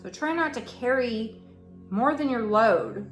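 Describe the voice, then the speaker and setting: A woman reading tarot in an unhurried, drawn-out way, her voice sitting a little high. She talks frankly and swears freely as she thinks aloud. The room is echoey, with soft music playing underneath. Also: animated. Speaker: tarot reader. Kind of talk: casual intuitive tarot reading. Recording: roomy echo with soft music behind.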